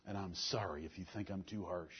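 On a muffled, lo-fi recording, a preacher gives a fiery sermon, moving between loud, emphatic proclamations and low, intense speech. His husky, somewhat breathy voice is brisk, with fairly even intonation.

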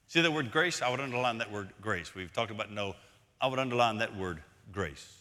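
A man preaching a sermon as senior pastor, emphatic and repeating key phrases, swinging between loud points and hushed lines. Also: mid-range voice, lively intonation, moderate pace. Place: church sanctuary. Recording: long reverb of a large hall.

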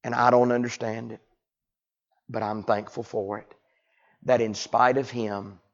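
A man preaching a sermon in a folksy way, dropping to hushed tones and rising to loud cries. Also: mid-range voice, little pitch movement, a little slow, dull audio. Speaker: pastor.

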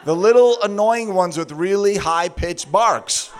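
A man preaching a sermon through a funny personal story, laughing often and acting out his own words in a high sing-song voice. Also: measured pace, a little hiss or hum.

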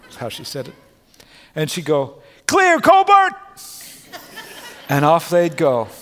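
A middle-aged male pastor preaching a sermon in a church. He is earnest and moves between loud proclamation and quiet, personal asides. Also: on the high side, normal speed. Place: church sanctuary. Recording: long reverb of a large hall.

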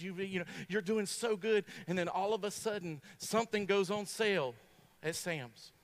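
A man preaching a sermon. He tells stories in a folksy, joking way, swinging between punchy bursts and quiet asides. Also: high-pitched. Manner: folksy, humorous, animated storytelling.

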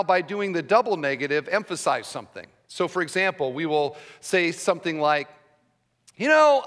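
A man's voice: on the high side, fairly bright tone. A man preaching a sermon as pastor, teaching conversationally and checking in with the congregation with frequent "okay?". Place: church sanctuary. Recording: long church hall reverb.

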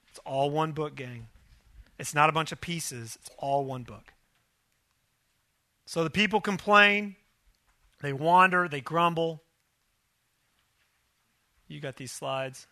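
A man preaching a sermon in an animated way, acting out quotes and prodding the audience to join in. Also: fairly high pitch, takes it slowly, long pauses, no room sound. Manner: animated, acts out biblical quotes, prods the audience. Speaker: pastor.

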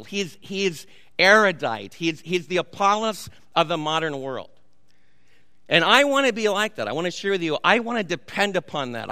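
Pastor preaching, chatty storyteller, high clear voice, long reverb in a big sanctuary. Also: male voice, sharp tone. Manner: storytelling, conversational preaching with asides. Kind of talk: sermon. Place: church sanctuary.

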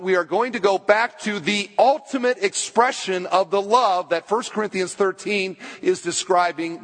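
A male pastor preaching a sermon with emphatic delivery, slowing down on key phrases. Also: sits high. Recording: church hall reverb.

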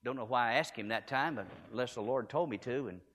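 A man's voice: medium pitch, quick pace, fairly bright tone. A man preaching a storytelling sermon in a church, earnest and emphatic, repeating key phrases. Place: church sanctuary. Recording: echoey hall with long reverb.

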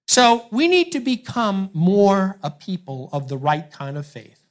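A man's voice: sits high, big pitch swings, measured pace. A male pastor preaching a sermon in an earnest way, putting rhetorical questions to his congregation.

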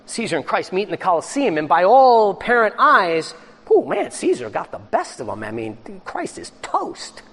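A man preaching a sermon as pastor, swinging between loud excited bursts and low hushed lines. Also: vocal fry, slight background noise.

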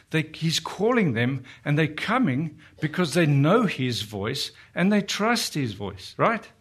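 A man preaching a sermon, earnestly asking his listeners questions and slowing down to dwell on the scripture he quotes. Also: a little high, a bit bright, husky. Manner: earnest, rhetorical questions to the congregation.

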